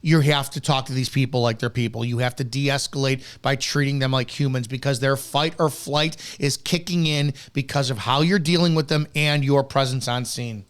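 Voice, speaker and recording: A man's voice: medium pitch, fairly even intonation, moderate pace, hardly any pauses, clean tone. A man hosting a show on police footage, talking bluntly and profanely as he breaks down a bodycam clip. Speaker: host reviewing police footage.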